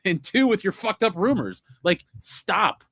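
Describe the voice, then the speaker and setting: A man's voice: sits high, very animated, a little slow, vocal fry, a bit bright, no echo, studio quality. A man hosting a pop culture podcast, blunt and opinionated, cursing freely in casual chat. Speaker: podcast host.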